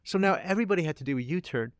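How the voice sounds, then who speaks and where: A man's voice: fairly high pitch, lively intonation, racing, smooth, no echo, clean studio sound. A man co-hosting a podcast in casual chat, telling stories with wry, joking asides. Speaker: podcast co-host.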